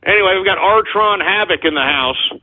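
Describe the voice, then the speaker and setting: A man's voice: sits high, a little fast, phone-quality sound. A man hosting an internet radio show, ranting agitatedly and cursing at trolls. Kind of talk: live call-in style radio rant.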